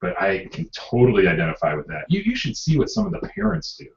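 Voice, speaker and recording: Brief: male podcast co-host, lively storyteller with a gravelly edge, recorded roomy and distant. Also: medium pitch, fast talker, dull audio. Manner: animated storyteller, laughs often, acts out neighbors' voices. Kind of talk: casual chat, storytelling.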